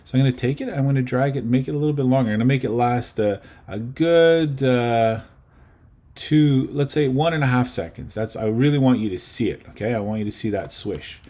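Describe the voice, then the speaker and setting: A man's voice: mid-range voice, brisk, dark tone. A man teaching a casual lesson on video editing, chatty and often checking in with his students. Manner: chatty, checks in with okay and right.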